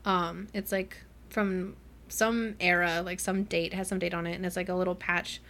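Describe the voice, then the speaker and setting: A woman's voice: fairly low pitch, level tone, normal speed, fairly bright tone. Chatty young woman recapping a book. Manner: chatty recap with acted-out quotes and frequent laughs. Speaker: podcast co-host. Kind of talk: casual book-club chat.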